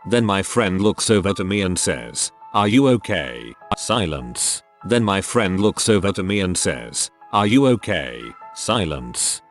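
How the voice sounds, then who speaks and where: A man narrates stories sent in by readers. His voice sits low, and his delivery moves up and down with lively intonation. He keeps a steady storytelling rhythm over quiet background music. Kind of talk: scripted narration.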